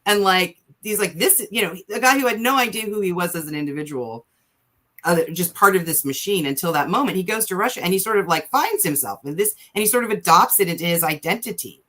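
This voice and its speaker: A woman writer on a podcast as a guest, talking quickly and thinking out loud in casual conversation with many fillers. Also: fairly low pitch, expressive.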